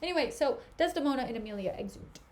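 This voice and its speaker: A young woman with a bright, high voice reads a play on a live stream. She comments casually and sarcastically, turning the old lines into modern slang. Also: animated, fast, slight background noise. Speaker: streamer reading a play aloud. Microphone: desk mic for a live stream.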